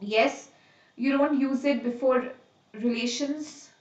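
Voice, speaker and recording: A woman teaching a live online grammar lesson. She explains each rule slowly, repeats examples and checks on students by name. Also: sits high, darkish tone, echoey room, recorded from a distance, muffled recording.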